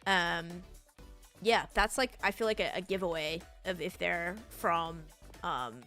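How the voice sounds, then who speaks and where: Streaming a game and answering her chat, a young woman from Sydney chats casually and rambles in a softened Australian accent. Her voice is on the low side and her pace measured, with faint music in the background.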